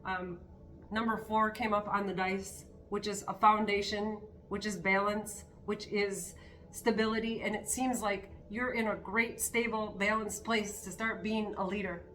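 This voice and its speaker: A woman's voice: medium pitch, fairly even intonation, unhurried, a bit bright. A woman giving a spiritual card reading to her viewers, talking in an earnest, encouraging way with spontaneous asides. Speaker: tarot card reader.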